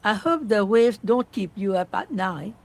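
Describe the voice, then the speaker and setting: A woman's voice: medium pitch, unhurried. An actress voicing an indignant woman who scolds a policeman in a game. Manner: scolding, lively.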